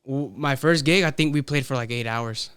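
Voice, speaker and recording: A man speaking as a musician guest in a casual podcast chat, his voice very crisp and close-miked with no room sound. He talks haltingly, restarting his words and drifting between English and Spanish. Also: mid-range voice, fairly bright tone, no room sound.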